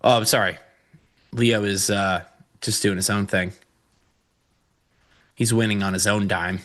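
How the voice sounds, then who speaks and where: Co-host, man, somewhat low voice, bright and forceful, playful, nasal from a stuffy nose. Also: measured pace. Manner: playful and joking, excitable asides. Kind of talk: casual live trading-show chat.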